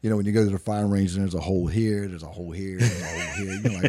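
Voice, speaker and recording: Man, forties, Southern accent, low husky voice, rambling casual podcast talk. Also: steady tone, very fast, darkish tone. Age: 40s. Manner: laughs often, rambling storytelling. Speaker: podcast co-host. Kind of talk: casual chat.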